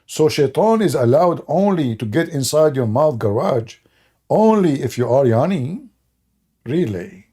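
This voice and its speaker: An online religion critic delivers a sarcastic, mocking monologue in broken, non-native English, laughing at his own points. His voice is fairly high and husky with a dark tone, lively intonation and a moderate pace.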